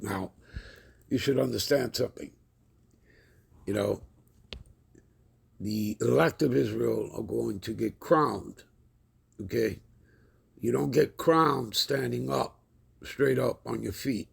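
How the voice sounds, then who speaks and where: A man teaching from scripture in a deeply gravelly voice. His tone is husky and a little rough. He speaks with a deliberate, preacherly emphasis and keeps checking in with his audience. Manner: checks in constantly with the listener. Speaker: Bible teacher. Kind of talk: scripture lesson.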